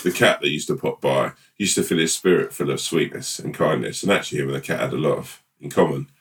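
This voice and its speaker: A man co-hosting a podcast, chatting casually and telling a rambling, playful made-up story with halting restarts. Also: a bass voice, far from the mic. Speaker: podcast co-host. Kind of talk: casual chat and improvised storytelling.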